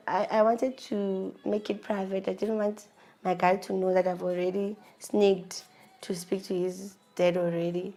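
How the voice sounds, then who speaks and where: A woman's voice: mid-range voice, little pitch movement, a little slow, dark tone. A South African woman in her thirties, emotionally confiding a personal story with frequent restarts. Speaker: vlogger.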